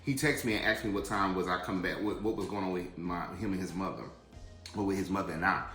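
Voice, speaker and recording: A man's voice: sits low, fast, a bit bright, echoey room, soft background music. A man telling a rambling personal story to viewers in a casual, chatty way while eating. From Atlanta area, USA. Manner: chatty, addresses viewers directly, digressive. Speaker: vlogger.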